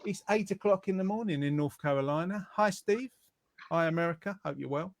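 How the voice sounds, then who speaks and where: A man hosting a casual live stream, chatty and joking with quick asides. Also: a little high, creaky, dry recording, studio quality. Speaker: host. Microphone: close mic.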